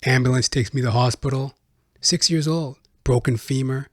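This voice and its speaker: A man's voice: mid-range voice, steady tone, moderate pace, no room sound. A man hosts his own podcast in a loose, rambling monologue that drifts from thought to thought, with an occasional chuckle. His voice sits in a middle range, and the recording is dry and close. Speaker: podcast host. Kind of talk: casual personal monologue.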